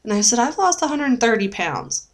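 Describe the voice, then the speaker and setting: A woman's voice: on the high side, very animated, normal speed. A young adult woman talking in a casual video diary, chatty and rambling with lots of fillers, often laughing and getting emotional. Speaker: vlogger sharing a weight-loss journey.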